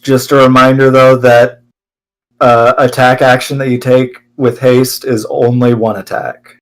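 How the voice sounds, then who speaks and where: A man's voice: mid-range voice, level tone, a little slow, a bit bright, rough recording. A man playing a tabletop game, giving matter-of-fact reminders about the rules. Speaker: player. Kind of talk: casual tabletop play.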